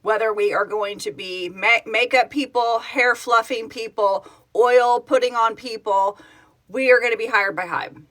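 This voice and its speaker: Excitable lady doing a live stream, bright voice, keeps gushing and laughing while she reads comments. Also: a little high, a little slow. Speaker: project founder hosting a live stream. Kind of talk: casual live-stream chat, answering comments.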